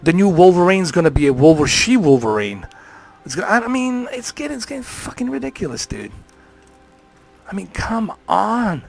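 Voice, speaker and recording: A man's voice: high-pitched, big pitch swings, normal speed, gravelly, darkish tone, soft background music. A man ranting on a live stream, heated and profane, swearing freely.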